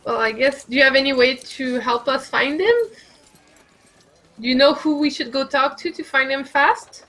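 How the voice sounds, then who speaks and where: Bright, high-voiced woman player. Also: normal speed. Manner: chatty, playing her character in her own voice. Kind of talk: casual tabletop role-play.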